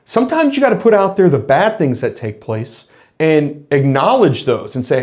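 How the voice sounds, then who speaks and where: A middle-aged former police officer talks earnestly to camera in a reflective monologue, restarting often as he explains his points. His voice is a little high and darkish in tone, very animated, at a moderate pace.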